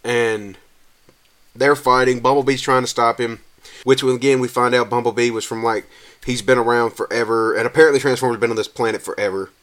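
A man with a drawl rants casually as a podcast host, in a voice of middling pitch. He rambles, trips over his own restarts and loops back to his point. When something irks him his voice climbs and turns animated. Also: brisk. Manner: rambling, restarts often, gets animated and higher when exasperated. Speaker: podcast host reviewing a movie. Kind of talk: casual rant.

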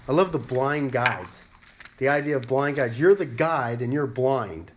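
A man's voice: mid-range voice, a little slow. A man pastor preaching a sermon in an emphatic, conversational way.

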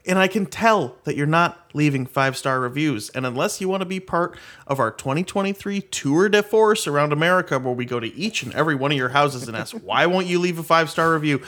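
A man's voice: fairly high pitch, a bit bright. A man co-hosting a comedy podcast, delivering a mock-serious, over-the-top rant. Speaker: podcast co-host. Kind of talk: casual comedy podcast chat.

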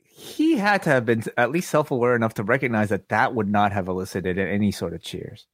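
A man's voice: fairly low pitch, fairly quick, no room sound, studio quality. A man co-hosting a wrestling podcast, talking casually, agreeing readily and rambling with restarts. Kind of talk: casual chat.

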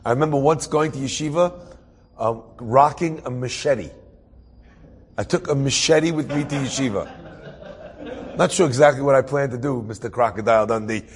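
A man's voice: mid-range voice, moderate pace, long pauses. A man from the New Jersey area telling an inspirational personal story, full of humorous, self-mocking asides.

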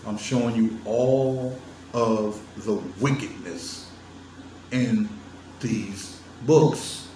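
Drawing out his words in a warm, lowish voice, this vlogger lectures his viewers on religion in a relaxed monologue that's emphatic, teasing, and full of laughter. The sound is roomy and faintly ambient, picked up by a far-off mic, with some hiss or hum.

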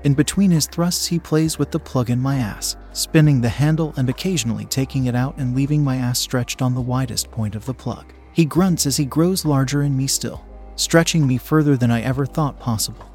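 A man's voice: medium pitch, a little fast, a little mellow. Man reading a story over faint music. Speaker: story narrator. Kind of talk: scripted first-person story narration.

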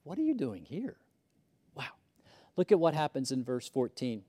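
A man preaching a sermon, moving from loud emphasis to hushed whispers and often repeating words as he starts a sentence. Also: mid-range voice, wildly swooping pitch, moderate pace, husky. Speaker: pastor.

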